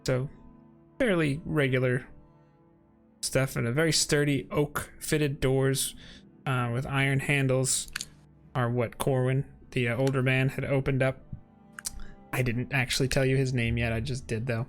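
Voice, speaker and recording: A man's voice: medium pitch, little pitch movement, measured pace, faint music behind. A man narrating as game master in a casual, rambling way, often laughing.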